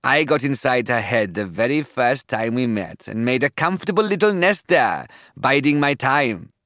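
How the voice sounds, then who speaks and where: A man's voice: medium pitch, lively intonation, a bit bright, no echo, studio quality, natural voice. A man voicing a gloating giant serpent. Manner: slow taunting hiss. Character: menacing giant male serpent, gloating and cruel.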